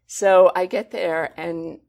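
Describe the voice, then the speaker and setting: A woman, a guest author, telling stories conversationally with animated, expressive emphasis. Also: on the low side, slow pace, vocal fry. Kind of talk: conversational storytelling.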